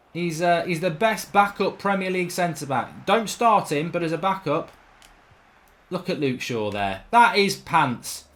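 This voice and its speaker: A man commentating on his own football video game in a chatty, rambling way, erupting into loud shouts when a goal goes in. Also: a little high. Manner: excitable, bursts into loud shouting over goals. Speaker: gaming commentator.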